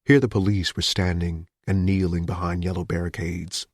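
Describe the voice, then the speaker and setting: Male audiobook narrator, deep and steady, dry studio sound. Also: normal speed, slightly rough, no room sound. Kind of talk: scripted narration.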